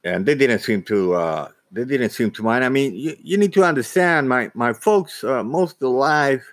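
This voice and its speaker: A man telling a personal story casually, halting, with frequent restarts and repeated words. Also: medium pitch, animated, dry recording. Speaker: vlogger.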